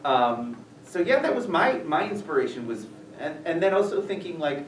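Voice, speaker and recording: Animated man talking from across an echoey room. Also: on the high side, moderate pace, a little hiss or hum. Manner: animated, rambling, lots of fillers. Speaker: visiting author answering student questions. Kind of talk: casual Q&A talk. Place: school room, audience present. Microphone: distant from the recorder. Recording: echoey room, voice heard from far off.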